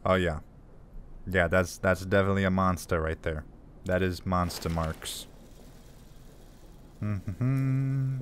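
Man, lowish voice, relaxed gamer commentary, jokey, muses aloud; light room tone. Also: slow pace, long pauses, slight background noise. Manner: playful, thinks aloud while playing. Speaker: gaming video creator. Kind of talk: casual let's-play commentary.

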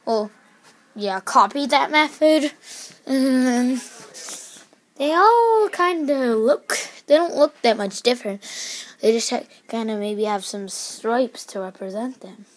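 A woman telling a plush toy story in a rambling, excitable way, full of fillers and sudden shrieks. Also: slow pace. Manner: excitable, breaks into shrill screams.

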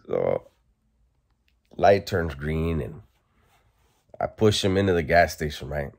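A man's voice: extremely low pitch, sing-song, slow, creaky. A man telling a funny story in a casual, profane way, laughing now and then. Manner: laid-back, profane, laughs while telling. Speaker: storyteller vlogger.

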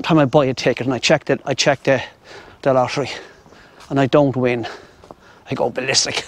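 A middle-aged Irish man rambling chattily as he walks a riverside path, talking to his viewers and to the birds, on a clip-on mic. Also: medium pitch. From Ireland. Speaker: vlogger. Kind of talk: casual walking commentary. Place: outdoors on a riverside path in a city. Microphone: wireless clip-on mic.

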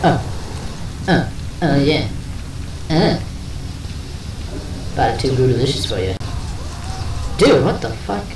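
A man's voice: mid-range voice, sing-song, slow pace, long pauses, roomy sound, far from the mic, music in the background, rough recording. A man giving let's play commentary, cursing and groaning frantically while he plays. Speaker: gameplay commentator.

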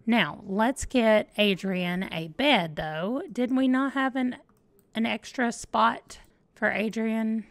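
A woman's voice: mid-range voice, dry recording. A woman hosting a let's play, chatting casually and thinking aloud as she plays. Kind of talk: casual gameplay commentary.

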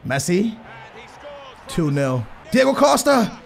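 A young man giving excitable live commentary on his own football video game matches, muttering while he concentrates and yelling when he scores. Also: sits high, measured pace. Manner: excitable, bursts into shouting at goals. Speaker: gaming YouTuber.

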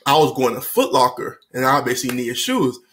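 A man's voice: medium pitch, fairly quick, slight background noise. A young man from Miami, telling a story to camera in a casual, slangy, swear-heavy way and acting out the other people's voices. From Miami, Florida. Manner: animated, swears freely, slangy, acts out voices. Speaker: storytime vlogger.

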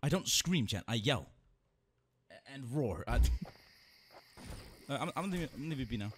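A man streaming a horror game live, jumpy and loud, swearing at every scare and chatting with his viewers. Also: medium pitch, big pitch swings, brisk. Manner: reads donations and chats to viewers. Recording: noisy background.

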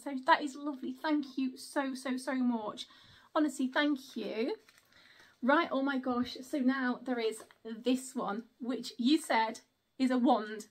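A woman, chatting through an unboxing and exclaiming often. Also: high voice. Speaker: vlogger. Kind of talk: casual unboxing chat.

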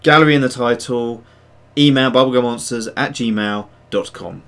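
A man hosts a casual livestream with a middle-pitched voice. He rambles and pokes fun at himself, reading out viewers' messages as they come in. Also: moderate pace, a bit bright, clean tone. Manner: rambling, self-mocking, reads chat aloud. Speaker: host of a digital sculpting stream.

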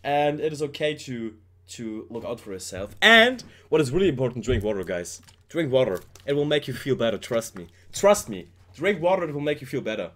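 Lively man reacting playfully. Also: medium pitch, fairly quick, few pauses, a little hiss or hum. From Germany. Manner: playful, rambling, joking, talks straight to viewers. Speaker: K-pop reaction YouTuber. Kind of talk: casual reaction commentary.

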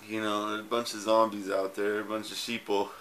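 A man with a lowish, slightly bright voice talks fairly quickly and with little pitch movement as he tearfully records a goodbye for his wife. The self-filmed camera message is rambling and tender, peppered with fillers and swearing, over slight background noise.

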